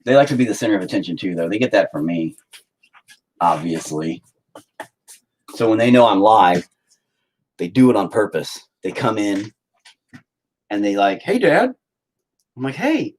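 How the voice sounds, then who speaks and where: A man's voice: normal speed, long pauses, a little mellow, breathy edge, low-quality recording. A man in his thirties chatting crudely and jokingly at home while painting on a livestream. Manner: crude, joking, often puts on shrill mocking voices. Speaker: artist livestreaming a painting session. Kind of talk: casual rambling livestream chat.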